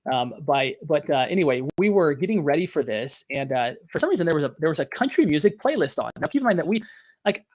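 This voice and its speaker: Earnest man, fairly high voice. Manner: earnest, confessional, with many fillers and restarts. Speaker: podcast host. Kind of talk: motivational business talk.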